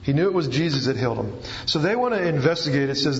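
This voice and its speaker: A male pastor preaching a casual, conversational sermon, his voice a bit higher than most men's. He often stumbles and restarts his sentences. The sound is dull and lo-fi, with a long ringing echo from a church hall. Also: sing-song, brisk, few pauses. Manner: conversational, with frequent restarts and fillers.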